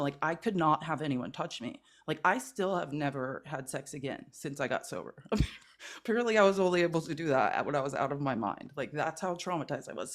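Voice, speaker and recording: A woman's voice: fairly low pitch, a little mellow. A woman guest in a casual conversation, telling a personal story in an earnest, rambling way with many fillers. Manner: earnest, rambling, heavy use of 'like'. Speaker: guest creator.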